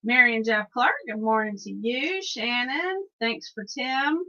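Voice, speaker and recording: A woman co-hosts a radio morning show, teasing her partner and laughing easily as she greets listeners. Her voice is fairly high, bright and sharp. The audio is muffled and lo-fi. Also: measured pace. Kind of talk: casual on-air banter. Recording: muffled lo-fi live stream audio.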